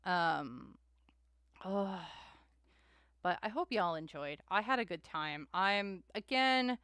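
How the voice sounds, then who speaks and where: A woman's voice: mid-range voice, expressive, slow pace, a bit bright, clear, resonant tone, dry recording, clean studio sound. A young adult woman hosting a live tarot stream, chatting with viewers in a rambling way and often laughing and sighing between thoughts.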